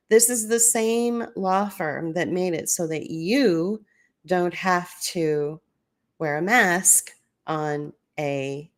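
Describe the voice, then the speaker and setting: A woman hosting a solo commentary podcast, talking casually as she walks listeners through documents on screen. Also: deep voice. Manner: conversational, explaining documents on screen. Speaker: podcast host.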